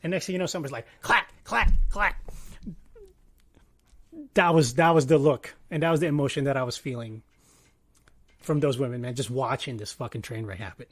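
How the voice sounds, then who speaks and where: Animated man, swearing, dry close sound. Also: medium pitch, fast talker, no echo. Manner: animated, swings loud and soft, swears freely. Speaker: commentary vlogger. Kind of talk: casual commentary monologue.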